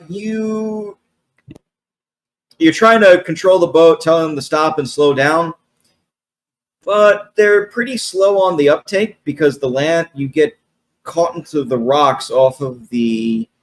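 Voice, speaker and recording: Hesitant man running a tabletop game. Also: fairly high pitch. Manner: hesitant, full of fillers. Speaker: game master.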